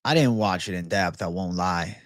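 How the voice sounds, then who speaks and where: A man's voice: sits low, moderate pace, no echo, studio quality. A man hosting a casual livestream and answering viewer comments in a blunt, laid-back, profane way. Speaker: livestream host.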